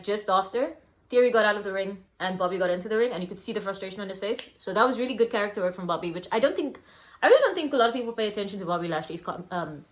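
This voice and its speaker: Rambling woman reviewing wrestling. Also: mid-range voice. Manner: rambling, full of ums and little laughs. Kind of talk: casual vlog review.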